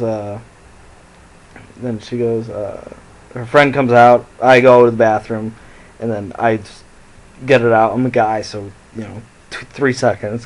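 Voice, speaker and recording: A man's voice: medium pitch, darkish tone, rough recording. Rambling, profane young man telling stories. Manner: rambling, profane, laughs at his own jokes. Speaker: vlogger. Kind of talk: casual storytelling to camera. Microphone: phone.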